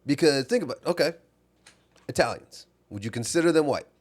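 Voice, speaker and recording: A man's voice: medium pitch, lively intonation, brisk. A young adult man co-hosting a casual comedy podcast, rambling and correcting himself as he argues his point. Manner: rambling, self-correcting, questioning. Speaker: podcast co-host.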